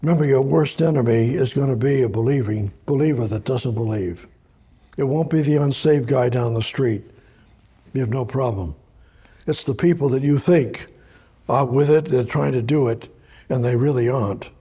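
Husky-voiced man preaching a sermon. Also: mid-range voice, moderate pace, mellow. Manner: conversational, repeats words, reads scripture aloud. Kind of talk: sermon, Bible study.

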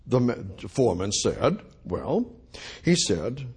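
A man's voice: medium pitch, very animated, slow, breathy edge. A man preaching a sermon, reading old scripture and retelling stories with emphatic repetition. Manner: emphatic, repeats phrases, reads old scripture aloud.

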